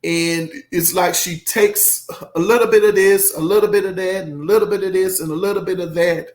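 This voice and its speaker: Gravelly, slow-talking emotional male reviewer. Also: high voice. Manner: effusive, emotional, rambling with many fillers. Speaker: music reviewer. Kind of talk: casual album commentary.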